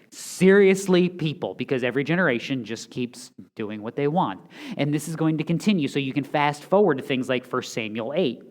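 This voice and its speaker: Guy pastor preaching, kinda high voice, lively and jokey, pokes fun at himself. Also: normal speed. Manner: animated, joking asides, self-deprecating. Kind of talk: expository sermon with jokes.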